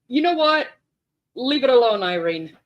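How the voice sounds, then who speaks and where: A woman in a casual chat with friends, speaking in hesitant, soft-spoken asides. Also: on the high side, sing-song, moderate pace, dull audio.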